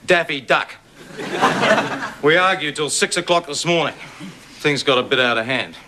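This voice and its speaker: An actor playing a brash, boastful husband who teases and mocks in loud banter in a sitcom. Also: male voice, fairly high pitch, animated, normal speed, close to an everyday voice. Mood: smug. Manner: loud, teasing, jokey banter. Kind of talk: sitcom acting. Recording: hiss on old TV audio.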